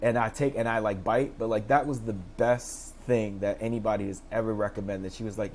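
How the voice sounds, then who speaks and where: A man in his thirties, a teacher and interview guest, telling his story in lively casual speech and acting out the people he quotes, heard over a video call. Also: brisk, hardly any pauses, slight background noise. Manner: animated, acts out quoted voices with pitch jumps.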